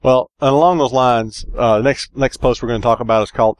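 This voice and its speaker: A podcast co-host with a mid-range, clean-toned voice talks quickly in a dry recording. He is relaxed and joking, rambling casually with a lot of fillers.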